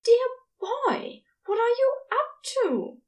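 A woman's voice: extremely high pitch, big pitch swings, takes it slowly, a little mellow, recorded from a distance, voice pushed up, heavily acted. A woman voicing an anxious, fussy male angel who speaks in a prim, old-fashioned way. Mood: exasperated.

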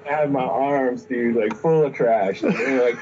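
A man's voice: medium pitch, measured pace, darkish tone, dull audio, a little hiss or hum. A young man telling a story in casual chat, rambling, cursing and laughing often. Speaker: guest storyteller.

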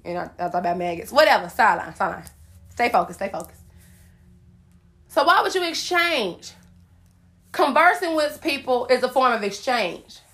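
A woman's voice: high-pitched, fairly bright tone. A woman hosting a solo podcast, preaching at her listeners with sass and speaking directly to them. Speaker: podcast host.

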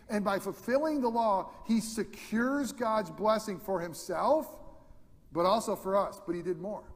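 High-voiced male pastor preaching in a hall. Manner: swings from loud emphatic peaks to hushed near-whispers. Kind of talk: sermon.

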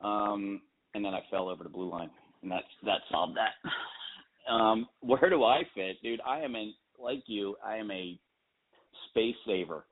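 A man's voice: on the low side, unhurried. A man in casual, self-deprecating chat about rec hockey, joking as he talks. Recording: phone-like narrow sound.

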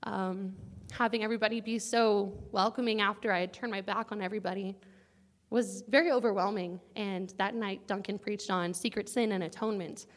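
Young woman, earnest chatty testimony, sometimes near tears, mid-pitched voice. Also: steady tone, a little fast. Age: young adult. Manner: earnest, casual, chatty with many likes and guys. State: close to tears at times. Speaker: student sharing a testimony. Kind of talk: personal testimony to a campus group.

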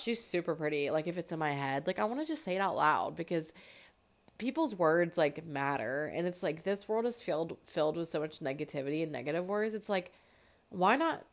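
A young woman in her twenties with a slightly stuffy nose, chatting casually as a podcast host and filling her talk with "like". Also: on the low side. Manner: chatty, lots of "like", animated asides. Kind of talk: casual chat.

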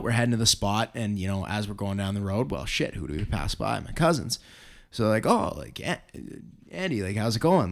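A man telling a hunting story in casual chat, animated and swearing freely, acting out what people said. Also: lowish voice.

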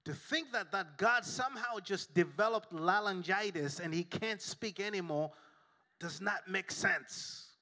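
A male pastor delivers a sermon with a bright, forceful edge to his voice. He preaches emphatically, mixing in jokes and calls for the congregation to answer back. His voice sits a touch higher than most men's. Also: unhurried. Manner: emphatic, humorous preaching with call and response. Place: church.

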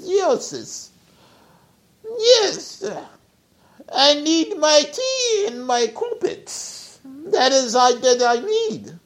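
A man voicing a haughty, greedy elderly queen in a mocking falsetto, with drawn-out, sing-song lines as a comic impression. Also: full character voice. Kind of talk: comic impression in a podcast rant.

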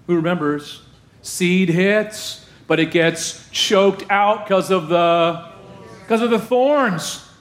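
A man preaching a casual, animated sermon to his congregation, using slang and asking them questions. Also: sits high, slow pace. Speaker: pastor.

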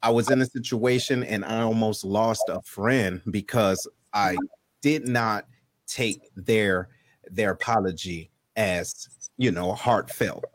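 A man's voice: on the low side, slow, no echo. Laid-back man co-hosting a talk show. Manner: laid-back, conversational, repeats words as he starts a thought. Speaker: co-host. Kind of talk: casual talk show chat.

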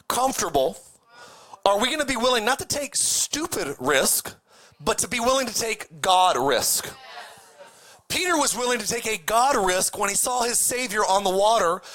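A male pastor delivering a lively sermon, animated and breaking into shouts. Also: extremely high pitch. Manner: animated, preachy, bursts into shouting.

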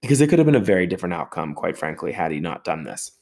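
Animated man with a low voice telling a story. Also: rapid-fire, gravelly. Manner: animated storyteller with sound effects and swearing. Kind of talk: storytelling monologue.

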